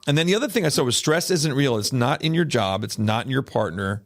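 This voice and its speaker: A man hosting a podcast interview, affirming his guest and asking questions with many pauses. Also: mid-range voice, animated. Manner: affirming, halting with fillers. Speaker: podcast host.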